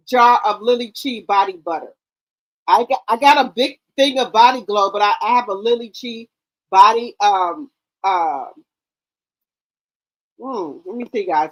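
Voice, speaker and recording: High-voiced chatty woman talking to viewers. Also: low-quality recording. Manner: loud, chatty, swears freely, repeats herself. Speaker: gossip channel host. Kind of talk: casual chat to camera.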